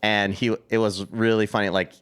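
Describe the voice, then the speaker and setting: A man in his thirties with a North Dakota accent, telling stories as a podcast guest in a relaxed, chatty way full of fillers and restarts. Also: fairly low pitch, moderate pace, clean tone. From Upper Midwest US. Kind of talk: casual storytelling.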